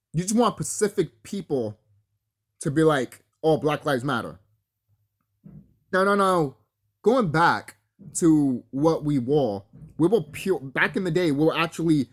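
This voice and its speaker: A male vlogger with a fairly high voice delivers a solo spiritual rant to camera, profane and confrontational, addressing his enemies directly. He laughs between threats, breaking into laughter and mimicking others in quotes.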